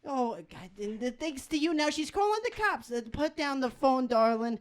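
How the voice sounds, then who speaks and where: A man's voice: extremely high pitch, big pitch swings, moderate pace, voice pushed up. A man voicing a brash, foul-mouthed small-time street mugger as an improv character. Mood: aggressive.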